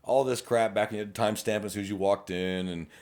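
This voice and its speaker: A man's voice: lowish voice, fairly even intonation, a little fast, darkish tone. A man, co-hosting a podcast and telling cop stories in a profane, laughing manner. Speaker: podcast co-host, law enforcement officer. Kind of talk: casual storytelling chat.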